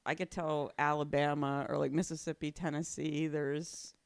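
Comedian guest: Texan woman, slight accent, slightly low pitch, lively laughing anecdotes. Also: moderate pace, clear, resonant tone. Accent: slight Texas. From Texas, USA. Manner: laughs often, lively storytelling. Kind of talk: casual podcast chat.

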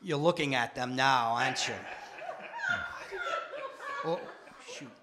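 An older man performing stand-up comedy in a wry, deadpan, self-mocking storytelling manner. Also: mid-range voice, takes it slowly, very noisy. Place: studio stage with live audience.

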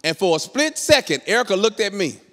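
A man's voice: sits high, brisk, in a large hall. A middle-aged man telling a comic story on stage, acting out the voices of people in it. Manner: animated, acts out voices in his story. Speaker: comedian. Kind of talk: storytelling stand-up comedy.

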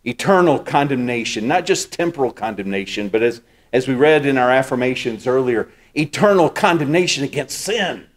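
A male pastor delivering a sermon in a teaching manner, walking his listeners through a passage point by point. He leans on key words and repeats them to drive them home. His voice sits at an ordinary pitch for a man. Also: animated, moderate pace. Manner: teaching, explains scripture step by step.

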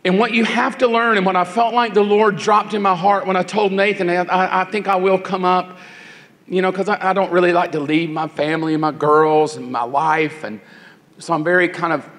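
A middle-aged man preaching a sermon at a youth conference, his voice pitched high for a man. His delivery is brisk and animated. The sound carries a long reverb from a church sanctuary. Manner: quick, animated preaching with mimicked voices of teens. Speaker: guest speaker at a youth conference.

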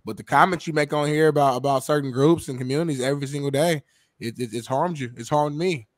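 A man co-hosting a sports talk show, talking rapidly in a casual, chatty way. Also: a little high, no room sound, studio quality. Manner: rapid and talkative, defends himself at length. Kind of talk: casual chat.

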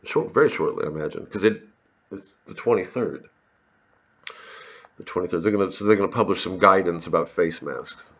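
A man's voice: low-pitched, a little fast, long pauses, fairly bright tone, muffled recording. A male comedian in a profane, rambling, sarcastic monologue to camera, with many restarts.

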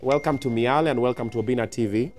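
A man's voice: mid-range voice, very fast, a little mellow. A man hosting a casual talk show interview, playful and teasing, switching between English and Swahili. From Nigeria.

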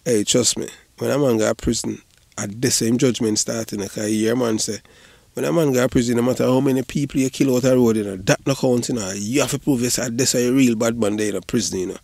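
A man's voice: medium pitch, steady tone, quick pace, creaky, darkish tone, no echo. A man with a Jamaican accent giving rambling, casual patois commentary, often repeating "you know". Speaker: online commentator.

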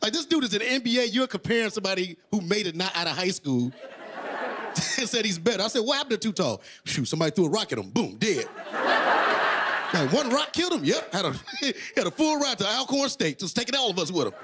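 A man in his thirties doing a stand-up comedy set, telling stories loudly with high-pitched impressions. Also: quick pace. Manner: animated, loud storytelling with high-pitched impressions. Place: comedy stage before a live audience. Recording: loud crowd and noise. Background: crowd laughter.

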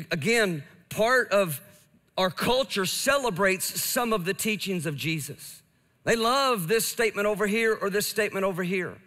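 A man's voice: high voice, pushed and bright. A man preaching a sermon in a church, earnest and emphatic, building his points through repetition. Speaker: pastor. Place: church sanctuary. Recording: church hall reverb.

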